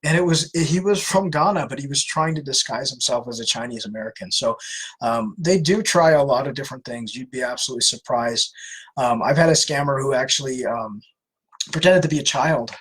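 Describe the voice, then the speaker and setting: A woman's voice: a bass voice, brisk, breathy edge, rough recording. A woman hosting a live question-and-answer session, answering viewer questions in an earnest, plain-spoken way. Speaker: host of a scam-awareness Q&A.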